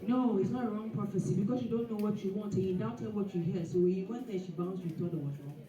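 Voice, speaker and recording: Woman, lively preachy motivational talk, mellow tone, echoey hall, distant mic. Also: medium pitch, fast talker, highs cut off. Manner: animated and preachy, with laughs and acted asides. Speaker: guest speaker. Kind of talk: motivational speech at a dinner. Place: event hall.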